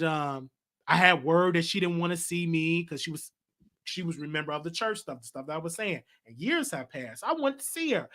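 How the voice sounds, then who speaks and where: A man with a high, bright, forceful voice and a Southern US accent hosts a live talk show. He speaks frankly about family matters in a monologue full of restarts, venting personally.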